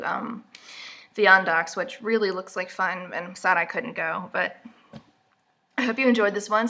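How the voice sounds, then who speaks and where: A woman's voice: medium pitch, creaky, pushed and bright. A young woman vlogger giving a casual, sarcastic recap, a little stuffy from allergies, seated indoors at her camera. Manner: sarcastic, mocking asides.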